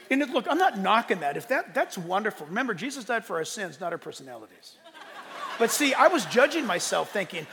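A man pastor delivering a sermon in a church, animated, bursting into shouted emphasis. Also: very high voice, fast, vocal fry, big-room sound, slight background noise.

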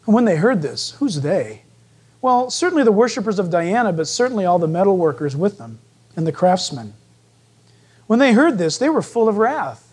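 A man's voice: high-pitched, breathy edge. A male preacher works through a scripture passage with humor. His voice rises and falls a great deal, and he keeps slipping into other people's voices to make his points. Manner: animated, joking, acts out voices. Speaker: pastor. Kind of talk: sermon.

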